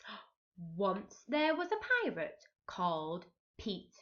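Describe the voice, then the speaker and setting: A woman's voice: mid-range voice, huge pitch swings, slow pace, a bit bright, dull audio. A woman teaching young children, reading a picture book aloud expressively, gasping and asking them questions as she goes. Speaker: reception teacher.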